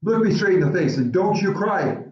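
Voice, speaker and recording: A man's voice: sits high, animated, normal speed, darkish tone, far from the mic, pitched above the performer's own voice. A man doing a bossy, tough little girl. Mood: stern. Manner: firm and commanding. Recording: roomy, dull lo-fi recording.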